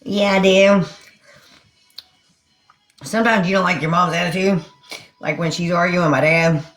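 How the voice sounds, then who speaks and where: A woman's voice: fairly low pitch, fairly even intonation, normal speed, a bit bright, faint music behind, poor audio. A woman rambling casually to her viewers on a live stream, laughing often. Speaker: livestreamer.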